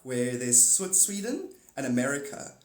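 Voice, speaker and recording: A man hosting a live stream in casual chat, excitable, swearing often and laughing a lot. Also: mid-range voice, normal speed. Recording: echoey room.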